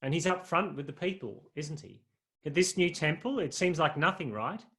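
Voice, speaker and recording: A man's voice: on the high side, lively intonation, normal speed, a bit bright. A man preaching a sermon in a conversational, humorous way, often putting questions to his listeners.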